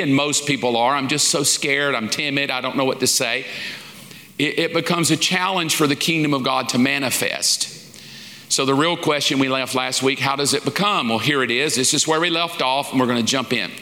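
Bright-voiced man preaching in a reverberant hall. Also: a little high. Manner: folksy and informal, acting out little quoted asides. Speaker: pastor teaching a lesson series. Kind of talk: conversational sermon. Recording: long reverb of a large hall.

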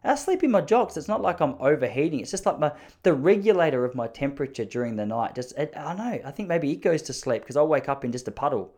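A man's voice: fairly high pitch, very animated, fast, hardly any pauses, darkish tone. A young Australian man hosting a solo podcast from a spare room at home, telling rambling, self-mocking stories. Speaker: podcast host. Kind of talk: casual solo podcast monologue.

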